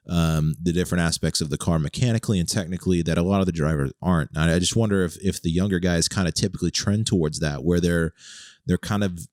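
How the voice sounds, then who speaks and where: Deep-voiced musing male podcast host. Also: a little mellow, no room sound, clean studio sound. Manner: musing, hesitant, lots of restarts. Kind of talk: casual chat.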